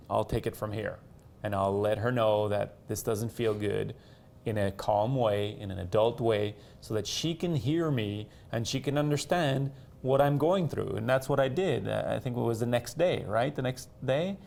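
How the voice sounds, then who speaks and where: A man with a gravelly, mid-pitched voice talks through a personal memory. His first language is French, and he often stops and restarts, repeating words as he searches for them. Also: normal speed, a little mellow, slight background noise. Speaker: co-host. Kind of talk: reflective conversation.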